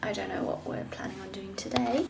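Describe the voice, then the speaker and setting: A woman's voice: mid-range voice, steady tone, fairly quick, vocal fry, very noisy. A young woman chatting casually in a self-filmed vlog at home, often dropping to a near whisper. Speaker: vlogger. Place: her home. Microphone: camera held by herself.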